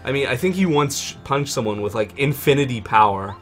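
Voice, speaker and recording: Young male let's-play co-host, mid-pitched, chatty and nerdy, faint music under him. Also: animated, fairly bright tone. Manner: chatty, nerdy, quick banter with playful asides. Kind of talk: casual gameplay chat.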